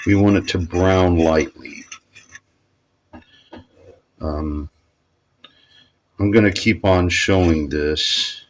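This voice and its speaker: Slow, low-voiced man cooking at home. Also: slight background noise, low-quality recording. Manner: rambling, self-correcting, chatty. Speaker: cooking vlogger. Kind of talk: casual cooking demonstration. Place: home kitchen.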